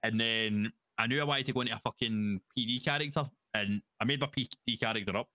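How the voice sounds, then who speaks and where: Scottish guy rattling on fast, bright sharp voice, sweary and rambly, close dry mic. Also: mid-range voice, no room sound. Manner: rambling, sweary, laughs often. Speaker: guest roleplayer. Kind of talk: casual interview chat.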